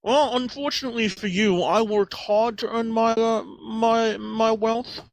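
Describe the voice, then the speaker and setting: A man voicing a pompous, snobbish rich duck gentleman who talks down to everyone with hesitations, in an improvised comedy chat. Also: extremely high pitch, steady tone, a little slow, gravelly, voice pushed up, heavily acted. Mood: smug. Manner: pompous, condescending drawl with frequent hesitations.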